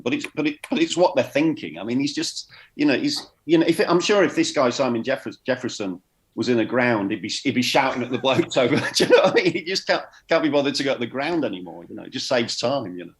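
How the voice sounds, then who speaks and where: A man's voice: mid-range voice, animated, fast talker. A man chatting casually as a comedian guest, rambling and repeating words, often laughing. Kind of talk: casual chat.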